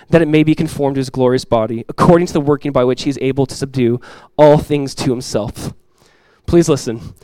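A middle-aged man preaching a sermon as pastor to his church, earnest and direct, repeating key lines and acting out everyday voices with lively emphasis. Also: medium pitch, a little fast, no room sound, rough recording. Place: church sanctuary.

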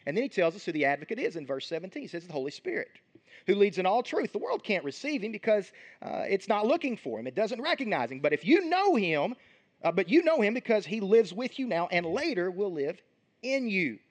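Male pastor, sermon, high voice, lively swinging delivery, conversational. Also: brisk. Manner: animated, conversational preaching with frequent restarts.

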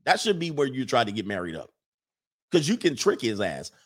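A man's voice: mid-range voice, huge pitch swings, a little fast, husky. A man hosting a livestream, reading viewer chats and riffing in a rambling, joking way. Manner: rambling, joking, breaks into laughter and mock voices. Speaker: livestream host. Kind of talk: casual comedic commentary reading viewer chats.

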